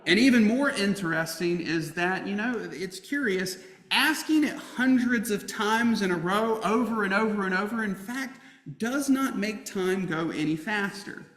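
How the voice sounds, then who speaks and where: Male pastor, high voice, unhurried storytelling sermon, church hall echo. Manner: storytelling with humor, lively emphasis. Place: church sanctuary. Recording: roomy church hall reverb.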